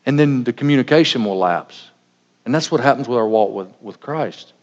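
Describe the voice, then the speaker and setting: A man's voice: mid-range voice, animated, normal speed. A middle-aged man preaching a sermon, folksy and joking, acting out little everyday scenes. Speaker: pastor. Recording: dull sound with long reverb in a large hall.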